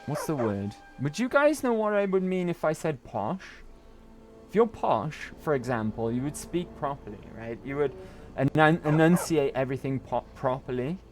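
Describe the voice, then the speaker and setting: A man's voice: on the high side, lively intonation, normal speed, faint music behind. A young British man streaming a game, chatting in a rambling way and often tagging on "right?". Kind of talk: casual gaming chat.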